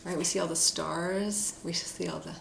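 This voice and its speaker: Gravelly-voiced woman reading tarot cards. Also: fairly low pitch, fairly even intonation, moderate pace, fairly bright tone. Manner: soothing, reflective, many fillers and asides. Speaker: tarot card reader. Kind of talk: casual spoken tarot reading. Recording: echoey room with faint noise.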